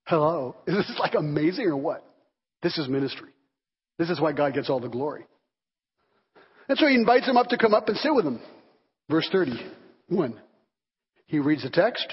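A man's voice: on the high side, moderate pace, pauses often, breathy edge. A man preaching a sermon as pastor, telling stories and acting out the voices of people in them. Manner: animated storytelling, acting out voices. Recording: dull reverberant hall recording.

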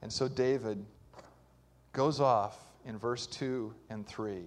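Man preaching an animated sermon. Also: mid-range voice, slow pace. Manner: animated preaching, swings between loud emphasis and hushed lines. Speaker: pastor.

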